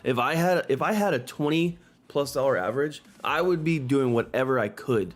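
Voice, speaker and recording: A man hosting a live stock market stream, talking excitedly and in exasperation, repeating himself and swearing into a desk microphone. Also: medium pitch, normal speed. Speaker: stock market livestream host.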